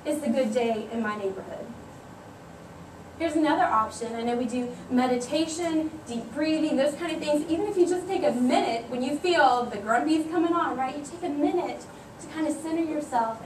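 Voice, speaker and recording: A woman, leading a motivational workshop for a class and telling stories in a lively, animated way. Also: high voice, slight background noise. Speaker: workplace trainer. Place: meeting room with a live class. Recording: echoey room, mic far off.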